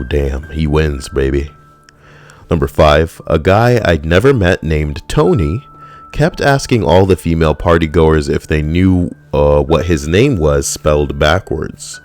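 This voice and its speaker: A man hosting a comedy video, reading out a funny list and making sarcastic, quick asides. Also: very deep voice, a little mellow. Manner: sarcastic, quick asides, laughs at own jokes.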